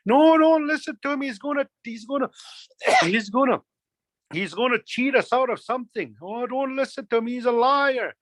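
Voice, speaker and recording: A man voicing a flock of small taunting birds in a high, raised voice. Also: normal speed, fairly bright tone, dry recording. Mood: mocking. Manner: taunting, scolding.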